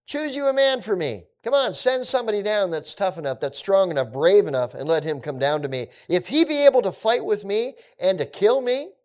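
Man doing a boastful giant warrior, taunting, higher pitched, loud challenging calls. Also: lively intonation, brisk, few pauses. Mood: mocking.

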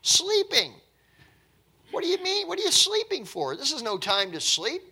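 A man's voice: very high-pitched, wildly swooping pitch, normal speed, bright, forceful tone, voice pushed up, heavily acted. A man preaching and voicing a panicked, urgent ship captain waking a sleeping passenger. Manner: urgent, pleading.

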